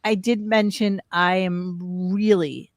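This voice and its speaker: A woman co-hosting a talk show, chatty and blunt, thinking out loud. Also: lowish voice, fairly even intonation, slow. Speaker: podcast co-host. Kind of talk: casual chat.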